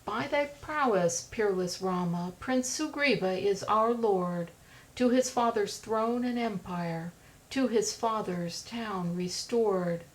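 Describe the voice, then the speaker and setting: A woman voicing a loyal male monkey chief in an audiobook, speaking in solemn measured verse. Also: mid-range voice, close to an everyday voice, rough recording.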